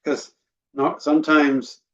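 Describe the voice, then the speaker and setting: A man's voice: fairly high pitch, monotone, takes it slowly, a bit bright. A man moderating a church group discussion, calling on participants and thanking them. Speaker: discussion leader. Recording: muffled lo-fi recording from a distance.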